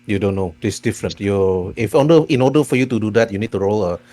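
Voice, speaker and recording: A man's voice: fairly low pitch, quick pace, warm tone. A man narrating a tabletop role-playing game as game master, with meandering, restart-filled phrasing.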